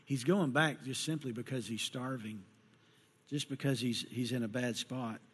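Middle-aged pastor preaching in a hall. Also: male voice, medium pitch, moderate pace, fairly bright tone, slightly rough. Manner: folksy storyteller acting out voices. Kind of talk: sermon with personal stories. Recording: long hall reverb.

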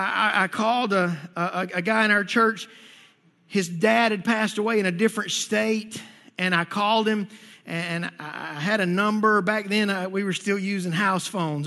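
A middle-aged man delivers a sermon as a church pastor, mixing scripture with funny stories. He talks with a high, bright voice, stammers on his restarts, and acts out the people he quotes. The long reverb of a church hall trails behind every word. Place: church sanctuary.

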